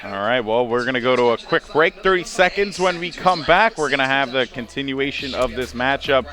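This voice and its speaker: With lively intonation and a slightly fast pace, this mid-range male voice does chatty, jokey play-by-play of a competitive shooter match alongside a co-caster, imitating players in put-on voices. A crowd, game gunfire and faint music sound in the background.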